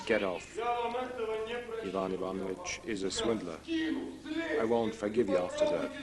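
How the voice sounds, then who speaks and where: A man voicing every role of a stage play in a single dubbed voice, trading quick lines. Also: deep voice, steady tone, a loud crowd. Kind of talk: single-voice dubbed theater dialogue.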